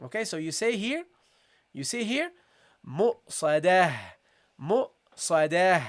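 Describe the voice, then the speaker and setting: A Quran recitation teacher giving a tajweed lesson, patiently repeating syllables slowly for students, with a slight cold and occasional throat-clearing. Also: mid-range voice, sing-song, fairly bright tone. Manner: patient, repeats sounds slowly, calls listeners "guys". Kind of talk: tajweed lesson, live session.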